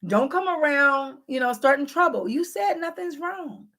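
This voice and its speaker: A woman's voice: high voice, expressive, normal speed, sharp tone. A woman talking straight to her viewers in a casual advice vlog, frank and teasing, acting out both sides of everyday arguments. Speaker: relationship advice vlogger.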